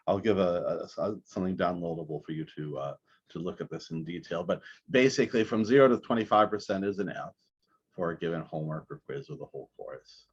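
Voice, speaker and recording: A man teaching a math class over a recorded video call, talking in a halting way with many restarts. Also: low-pitched, slightly rough, highs cut off. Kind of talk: recorded online class lecture.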